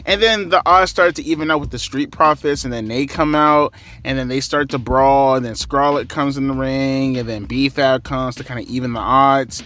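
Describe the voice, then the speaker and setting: A man's voice: mid-range voice, steady tone, normal speed, hardly any pauses, sharp tone. A man giving a casual, rambling wrestling recap, sarcastic and swearing freely. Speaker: wrestling commentary vlogger.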